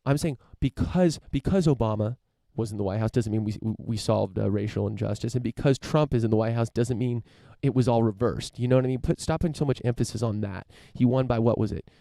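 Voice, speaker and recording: A man's voice: mid-range voice, a little fast, vocal fry, hardly any pauses, warm tone, no room sound, clean studio sound. A podcast host from the United States, a man riffing through a casual opinion monologue, rambling with lots of fillers, restarts and casual swearing.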